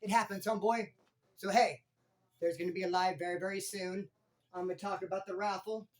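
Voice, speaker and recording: A former prisoner hosting his own channel, telling stories in animated street slang. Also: high-pitched, fairly quick. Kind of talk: casual storytelling vlog.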